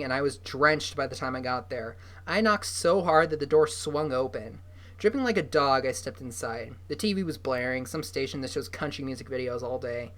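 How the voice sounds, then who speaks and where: Man reading a novel aloud. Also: medium pitch. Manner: steady first-person storytelling. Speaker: reader.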